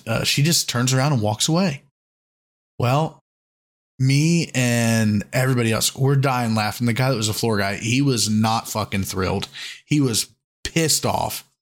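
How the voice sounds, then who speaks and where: A man on a podcast telling stories in casual chat. He talks in a rambling way, swears freely and packs his sentences with "like". His voice sits at an ordinary middle pitch. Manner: rambling, profane, heavy use of "like". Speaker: podcast host.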